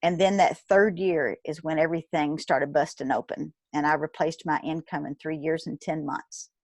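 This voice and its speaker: A woman in her fifties, a guest in an interview, telling a personal story in a lively way, acting out what others said and laughing often. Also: deep voice, normal speed, dry recording. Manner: animated, acts out quoted dialogue, laughs often. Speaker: guest, retired nurse turned business owner.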